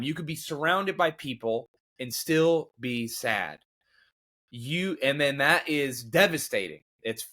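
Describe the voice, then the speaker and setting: A man's voice: medium pitch, bright, forceful tone. A man hosting his own show, talking candidly and a bit ramblingly about grief and faith, self-deprecating, with lots of fillers and restarts. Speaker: podcast host.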